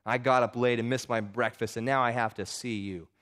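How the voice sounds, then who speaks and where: A man's voice: medium pitch, fairly even intonation, fairly quick, fairly bright tone, lightly acted. A man voicing a sullen, grumbling schoolboy bully in a story he reads aloud during a sermon.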